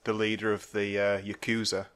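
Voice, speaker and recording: A man co-hosting a podcast in casual film chat, talking hesitantly with many pauses and trailing phrases. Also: lowish voice, level tone, a bit bright. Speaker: podcast co-host.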